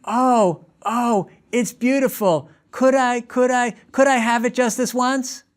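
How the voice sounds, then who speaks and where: A man's voice: extremely high pitch, steady tone, takes it slowly, clear, resonant tone, voice pushed up. A man voicing a whiny little boy who begs for a lollipop, repeating himself and close to tears. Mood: pleading. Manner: begging, repeating words, near tears.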